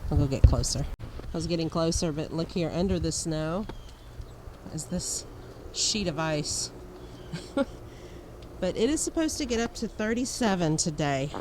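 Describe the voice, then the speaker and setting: A hoarse, sick-sounding middle-aged woman vlogs outdoors in a snowy yard, feeding her chickens while chatting slowly and aimlessly with a low voice and plenty of laughter. Outdoor noise and animal sounds fill the background.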